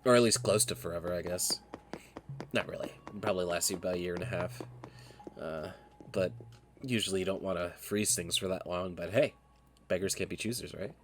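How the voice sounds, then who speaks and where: A streamer giving casual, rambling gameplay commentary, excitable and swearing freely, over a background hiss. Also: low-pitched, a little fast, pauses often.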